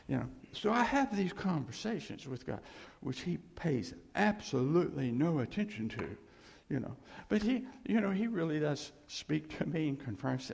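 A man preaching an informal sermon, animated and self-deprecating, with rambling asides. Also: on the high side, moderate pace, gravelly, slightly rough, in a large hall.

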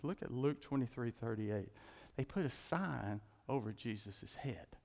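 A man preaching a sermon in a conversational, animated storytelling way. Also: medium pitch, normal speed, gravelly. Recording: reverberant hall.

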